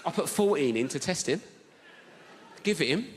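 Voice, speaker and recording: A man tells an animated stand-up story in a high voice with a wildly lively pitch. He is heard live on a theatre stage, with long reverb and a loud crowd behind him. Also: moderate pace, heavy background noise. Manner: animated storytelling, acting out characters. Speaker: stand-up comedian. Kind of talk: stand-up routine.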